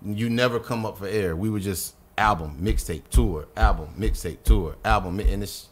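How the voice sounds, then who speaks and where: A middle-aged man from North Carolina, a guest rapper on a podcast, telling stories in a casual, profane and animated way and acting out quotes. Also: lowish voice, moderate pace. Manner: animated, profane storyteller who acts out quotes.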